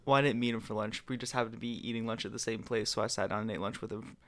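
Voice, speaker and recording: A man's voice: on the low side, steady tone, rapid-fire, fairly bright tone, no room sound. A man co-hosting a podcast who tells a casual anecdote in an easy storytelling manner. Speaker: podcast co-host.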